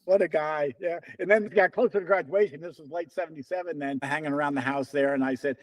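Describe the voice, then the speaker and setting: Speaking fast with hardly any pauses, a former runner around seventy tells stories as an interview guest, acting out what the people in them said in an animated, casual way. His pitch is fairly high, and the audio is dry and poor.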